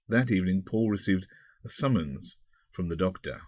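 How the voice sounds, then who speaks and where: A man reading an audiobook in a measured, even storytelling manner. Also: deep voice, no echo, studio quality. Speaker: audiobook narrator. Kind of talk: audiobook narration.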